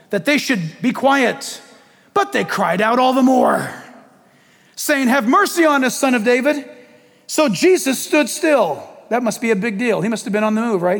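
Male preacher, very high voice, lively swings, long echo of a big hall, joking, asks the crowd questions. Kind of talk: sermon.

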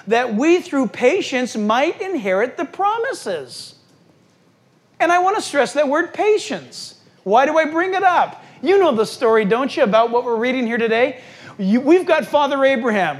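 A middle-aged man preaching a sermon as pastor, telling the story in a lively, animated way and speaking straight to his listeners. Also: very high voice.

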